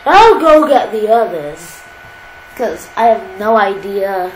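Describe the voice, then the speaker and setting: A woman's voice: medium pitch, takes it slowly. A woman hosting her gaming channel, chatting casually and poking fun at herself while she plays. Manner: chatty, self-deprecating, easily excited. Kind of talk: casual game commentary. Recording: roomy echo, faint background hiss.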